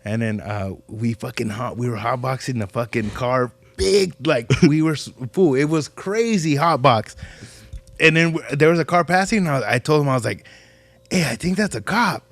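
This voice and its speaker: A man's voice: mid-range voice, moderate pace, no room sound. A man hosts a podcast and tells his own story in loose, profane slang, calling people "dog" and "fool." His voice sits in the middle range and sounds dry and close to the mic. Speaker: podcast host. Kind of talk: casual storytelling.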